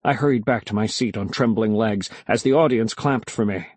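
A man narrating a storybook in a measured, expressive way. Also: fairly low pitch, breathy edge.

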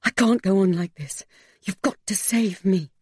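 A woman doing a desperate older gentleman. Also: mid-range voice, moderate pace, breathy edge, dry recording, clean studio sound, voice pushed up, lightly acted. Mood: desperate urgent. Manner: urgent, groaning, intense. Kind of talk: audiobook character voice.

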